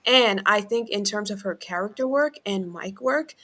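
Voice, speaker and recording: A woman's voice: mid-range voice, fairly bright tone. A woman co-hosting a casual wrestling review podcast, laying out her view with careful reasoning. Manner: measured, explains her view with qualifiers. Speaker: podcast co-host.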